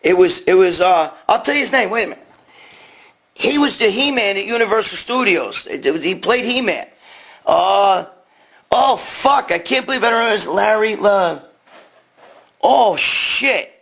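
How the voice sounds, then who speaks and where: A man's voice: high-pitched, animated, moderate pace, creaky, fairly bright tone. A man hosting a casual live stream, rambling and swearing as he reads out viewer questions on his phone. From New York. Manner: profane, rambling, reads comments aloud. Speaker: host answering viewer questions.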